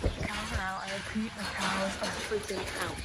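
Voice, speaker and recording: A young woman vlogging on a farm narrates casually while herding loose cows, out of breath and flustered as she coaxes them and talks to herself while filming outdoors among the animals. Her voice is medium-pitched with little pitch movement, at a normal speed, and the outdoor farm recording is noisy.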